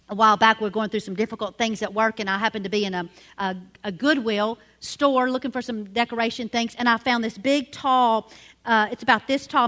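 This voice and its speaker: A middle-aged woman teaching a women's ministry sermon, emphatic, slowly spelling out key words letter by letter. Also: a little high, pushed and bright.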